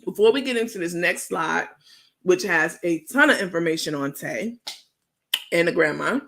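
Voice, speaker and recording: Gravelly New York woman dishing gossip. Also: fairly low pitch, lively intonation, fairly bright tone. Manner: chatty, drawn-out, slangy, full of fillers. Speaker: host. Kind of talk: gossip commentary stream.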